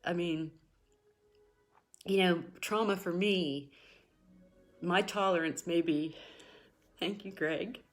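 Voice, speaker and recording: Faint music plays behind a middle-aged woman speaking slowly in a fairly low voice, leaving long pauses. She hosts a spiritual talk show and gives viewers an emotional, personal talk, earnest and encouraging, with repetition for emphasis and occasional tears.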